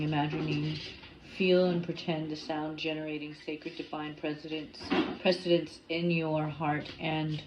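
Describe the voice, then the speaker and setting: Woman, tarot reader, slow soft guidance, faint background hiss. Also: low voice, rough recording. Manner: slow, soft, swearing casually between readings. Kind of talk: reading a card and guiding a ritual.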